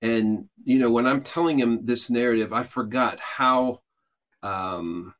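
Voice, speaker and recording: A man's voice: mid-range voice, a little slow, fairly bright tone. A man hosting a show, talking loosely and explaining at length, with frequent restarts and filler sounds. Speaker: host. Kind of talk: casual teaching talk.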